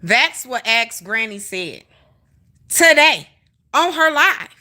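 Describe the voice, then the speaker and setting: A woman's voice: a little high, sing-song, slow, bright, forceful tone. A woman streaming live, ranting emphatically and with a lot of profanity as she talks straight to her viewers in the chat. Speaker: livestreamer. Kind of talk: heated commentary rant to a live chat.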